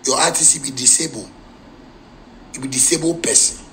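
A man with a Ghanaian Pidgin English accent, a musician ranting heatedly in a live video and bursting into shouts. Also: mid-range voice, fairly quick, a little hiss or hum, low-quality recording.

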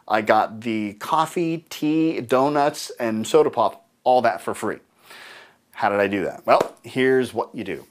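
A man leads a live seminar in the middle of his range, talking fast and with energy. He tells his stories with humor and acts out what other people said, his voice jumping up when he plays them. He sounds like a trainer speaking to a room full of people. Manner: animated storyteller acting out dialogue in higher voices.

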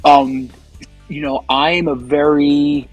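Husky-voiced man telling lively stories. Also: fairly high pitch, slow, no echo, muffled recording, soft background music. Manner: animated, chatty storyteller, loose and profane. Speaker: guest musician. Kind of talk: casual interview chat.

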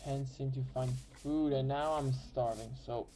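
A man's voice: mid-range voice, fairly even intonation, unhurried, mellow, rough recording. A man giving casual, rambling game commentary as host, often correcting himself mid-sentence. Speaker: gameplay host.

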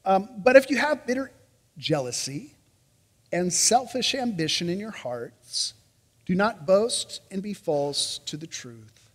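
A man preaching a sermon as pastor, reading scripture with animated emphasis and dropping casual asides. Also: high-pitched, slow pace, in a large hall.

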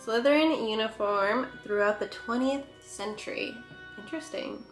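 A woman's voice: a little high, moderate pace. A woman hosting a casual reaction video, gushing and gasping with delight at each clip. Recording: echoey room with faint music.

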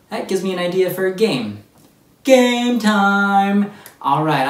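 An upbeat children's church teacher walks kids through a Bible story and chats with them directly. The voice sits at a middling pitch and sounds a little distant from the mic. It carries a roomy echo. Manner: upbeat, speaks straight to children. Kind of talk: kids' Bible lesson. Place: church room.

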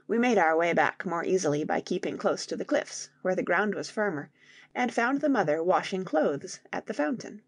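A woman in scripted audiobook narration, reading in a measured way and voicing the characters. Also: lowish voice, lively intonation, no echo, studio quality.

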